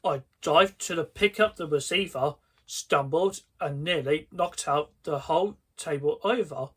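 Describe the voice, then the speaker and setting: A man reading a children's horror story aloud, slowly and deliberately, often restarting his words. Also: fairly high pitch, a bit bright, slightly rough.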